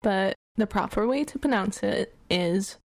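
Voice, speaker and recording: A woman's voice: medium pitch, creaky, no room sound. A woman from the Netherlands with a Dutch accent, a podcast guest patiently coaching pronunciation. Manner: patient, encouraging, repeats words slowly. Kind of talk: podcast interview.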